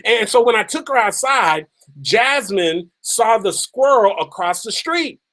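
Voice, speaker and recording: A man giving a motivational talk as a story, emphatic and repeating phrases for effect, slowing down on key lines. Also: sits high, lively intonation, pushed and bright. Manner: slows down and stretches key lines for drama. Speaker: motivational speaker.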